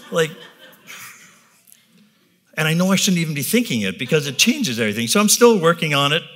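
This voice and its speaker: A man's voice: mid-range voice, a bit bright. A man, around his fifties, giving a candid, self-deprecating personal talk to an audience, often tagging "right?" and rambling with restarts. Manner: rambling, with restarts and filler pauses. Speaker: business leader giving a talk.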